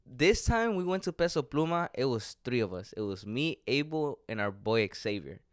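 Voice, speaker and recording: A man's voice: mid-range voice, very animated, moderate pace, dry recording, studio quality. A young man co-hosting a podcast, telling stories in a casual, joking way and laughing often. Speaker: podcast co-host. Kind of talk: casual chat.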